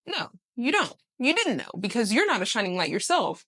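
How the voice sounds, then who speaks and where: Animated woman in her twenties. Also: on the high side, brisk, few pauses. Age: 20s. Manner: animated, emphatic, swears casually, laughs often. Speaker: vlogger. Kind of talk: casual motivational talk to camera.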